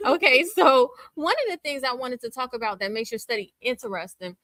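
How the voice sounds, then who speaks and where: A woman's voice: on the high side, expressive, fast talker, a bit bright, dry recording. A woman hosting a live-stream talk show, upbeat and greeting viewers by name. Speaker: show host.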